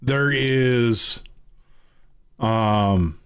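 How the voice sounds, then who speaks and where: A man's voice: medium pitch, drawn-out words, a bit bright, clean tone. A man hosting a casual nerdy podcast, rambling and correcting himself as he talks. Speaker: podcast host.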